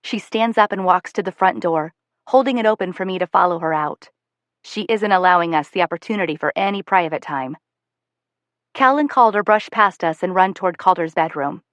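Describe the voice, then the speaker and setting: A woman narrating a first-person audiobook in a steady, measured way. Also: on the low side, dry recording.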